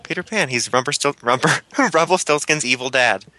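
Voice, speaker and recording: Fast, bright, teasing man. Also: medium pitch. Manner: teasing, jokey, laughs often. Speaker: podcast co-host. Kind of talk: casual chat.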